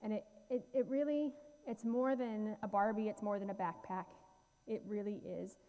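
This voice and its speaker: A woman's voice: medium pitch, steady tone, moderate pace, dark tone. Earnest woman speaking in a reverberant hall. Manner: earnest, heartfelt, many fillers and restarts. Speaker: guest speaker. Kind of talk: church talk with slides. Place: church sanctuary.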